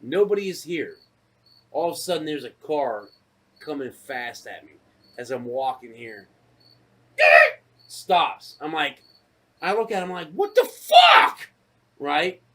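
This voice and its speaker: A man co-hosting a podcast, telling a casual story full of profanity and acting out his own shouted lines. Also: on the high side, unhurried, pauses often, husky. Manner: profane, animated, acts out shouted quotes. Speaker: podcast co-host.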